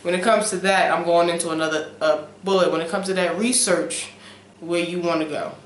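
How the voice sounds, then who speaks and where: A young woman in a casual talk-to-camera vlog, animated and preachy, who keeps checking in with "okay?" and swings between loud emphasis and soft asides. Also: on the low side, fairly quick, echoey room, a little hiss or hum. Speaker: vlogger. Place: room at home, late at night.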